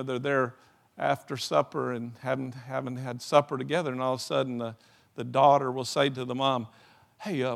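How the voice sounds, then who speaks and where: A man preaching a sermon, telling stories in a rambling, animated way and often restarting his sentences. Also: medium pitch, gravelly. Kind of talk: sermon with storytelling.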